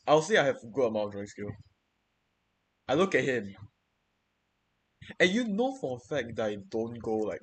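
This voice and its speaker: A man's voice: medium pitch, slight background noise. A young man venting in casual chat, swearing freely and rambling through many restarts and repeated words.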